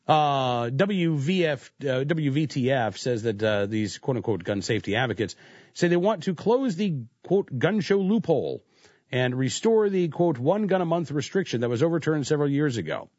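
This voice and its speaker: A man's voice: mid-range voice, big pitch swings, moderate pace, a little mellow, dry recording. A man hosting a talk radio show, commenting with sarcasm and mocking the quotes he reads. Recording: dull lo-fi sound, dry.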